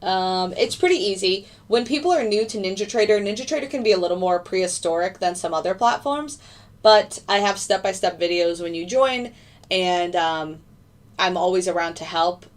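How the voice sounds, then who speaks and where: A woman's voice: mid-range voice, normal speed, far from the mic. A young woman hosting a casual trading livestream, chatting loosely with many fillers as she answers viewer questions. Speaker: livestream host, futures day trader.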